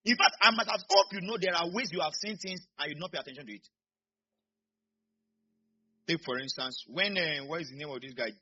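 A man preaching a sermon as a pastor, animated and calling out to his congregation. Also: on the high side, a little fast, pauses often, husky, muffled recording. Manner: animated, call-and-response preaching.

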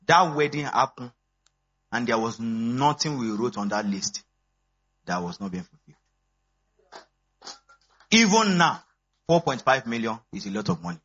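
An animated pastor in his thirties, a man with a bright, husky voice. His sermon jumps between quiet asides and high exclamations. The church recording sounds dull and lo-fi. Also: a little slow, pauses often.

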